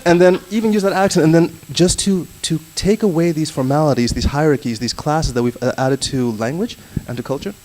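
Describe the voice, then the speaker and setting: A man speaking as a panelist in a live seminar discussion, animated and quick to act out short voices while he makes his points. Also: fairly high pitch, rough recording.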